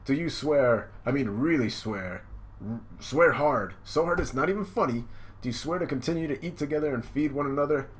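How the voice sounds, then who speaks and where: A man's voice: mid-range voice, lively intonation, brisk, pitched above the performer's own voice, close to an everyday voice. A man voicing an odd, vampire-like male wedding minister, delivering vows in an overblown, mock-solemn tone. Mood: pompous.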